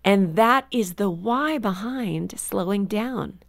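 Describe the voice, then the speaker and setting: A woman author as a guest on a faith interview show, telling stories in an earnest, reflective way and slowing down for emphasis. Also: mid-range voice, vocal fry. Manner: earnest, storytelling, slows down for emphasis. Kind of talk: conversational radio interview.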